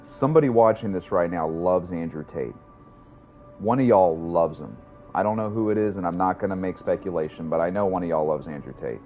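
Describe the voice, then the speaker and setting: A man's voice: low voice, brisk, narrow, tinny audio, faint music behind. A man streaming a game, chatting casually with his viewers in a rambling, profane way. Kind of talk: casual livestream gaming commentary.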